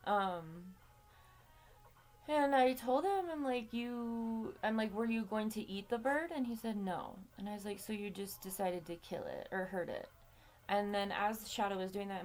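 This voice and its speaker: Gravelly-voiced woman telling a story. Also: mid-range voice, darkish tone, slight background noise. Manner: chatty, swears freely, laughs between lines. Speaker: vlogger. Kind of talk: casual storytime chat.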